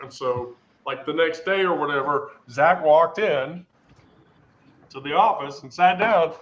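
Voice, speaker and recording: A man telling a rambling, animated story in casual chat, full of restarts and fillers. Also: on the high side, measured pace. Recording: echoey room.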